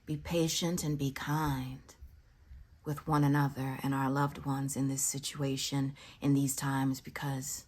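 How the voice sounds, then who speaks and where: A woman tells a personal story in a slow, unhurried way. Her voice sits low and husky. She often drops to a whisper for emphasis and drifts into reflective, spiritual musing. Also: little pitch movement, a little mellow. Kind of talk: casual spoken storytelling.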